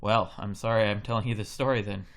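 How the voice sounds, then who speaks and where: Guy on a live podcast riffing a goofy story, deadpan jokes. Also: on the low side, quick pace. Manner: playful, deadpan asides. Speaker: podcast host.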